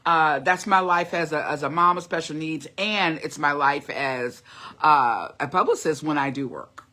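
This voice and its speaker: A middle-aged woman chats loosely with her viewers in a livestream, rambling and calling them y'all. Her voice is bright and forward. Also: deep voice, moderate pace. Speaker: vlogger. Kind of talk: casual livestream chat.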